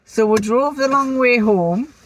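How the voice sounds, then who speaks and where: Chatty older Geordie woman, high voice. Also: unhurried. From North East England. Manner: chatty storytelling with frequent laughs. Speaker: sewing vlogger. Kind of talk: casual chat. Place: outdoors on a windy day.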